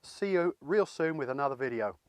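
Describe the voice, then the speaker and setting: A man's voice: a little high, lively intonation, a little fast, no room sound. Chatty English man hosting cooking videos. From England. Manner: chatty, rambling, self-deprecating. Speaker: cooking channel host. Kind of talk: casual cooking demonstration.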